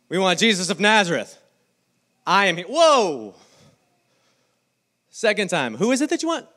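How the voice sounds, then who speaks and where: Animated preacher man. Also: a little high. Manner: animated storytelling, acting out the scene in quoted voices. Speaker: pastor. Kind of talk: sermon.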